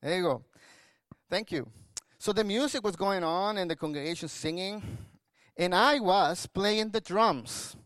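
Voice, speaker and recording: High-voiced pastor preaching a sermon. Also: male voice, measured pace, fairly bright tone, dry recording.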